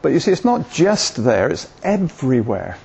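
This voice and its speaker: A man's voice: a little high, very animated, moderate pace, vocal fry, darkish tone, slightly rough. An older man, giving an informal sermon in a rambling, hesitant way with self-deprecating humour. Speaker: preacher. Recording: dull lo-fi recording.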